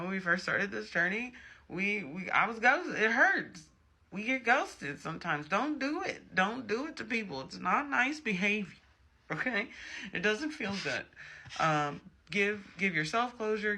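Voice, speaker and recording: Man, tarot reader, chatty, emphatic, gravelly, sharp bright tone. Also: a little high. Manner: chatty and emphatic, personal asides. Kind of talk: casual tarot reading.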